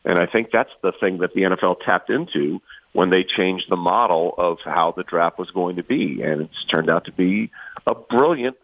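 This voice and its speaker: Low gravelly guy on a phone-quality line, rambling stories with lots of uhs. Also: normal speed, no echo. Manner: storytelling, many fillers and restarts. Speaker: guest sports broadcaster. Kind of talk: casual chat.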